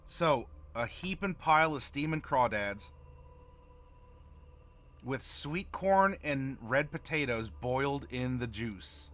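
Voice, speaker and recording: A man's voice: medium pitch, expressive, slow, fairly bright tone. A man hosting a livestream as game master, chatting casually and reading viewer messages aloud. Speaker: game master and stream host.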